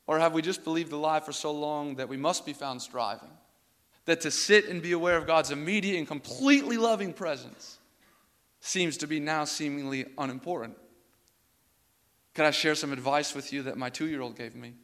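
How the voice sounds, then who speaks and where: A man's voice: a little high, moderate pace, pauses often, fairly bright tone. A man preaching an earnest sermon as pastor, repeating phrases and building to emphatic peaks before closing in prayer. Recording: long reverb of a church hall.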